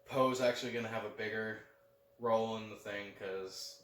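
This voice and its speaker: A man's voice: fairly low pitch, fairly even intonation, normal speed, a bit bright. A young man co-hosting a podcast, talking loosely with lots of "like" and confidently calling his predictions. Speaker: podcast co-host. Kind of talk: casual chat. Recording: roomy echo, mic at a distance, faint background.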